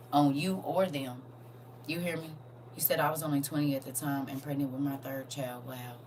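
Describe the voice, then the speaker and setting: A woman hosting a casual live stream, reading viewer comments, going from soft and near-whispered to loud and animated. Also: low-pitched, distant mic, a little hiss or hum, rough recording.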